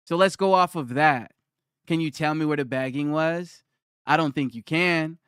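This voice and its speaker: A man's voice: on the high side, normal speed, fairly bright tone, smooth, dry recording, clean studio sound. A young man on a live stream who argues with his chat, repeats his challenge and reads their comments aloud.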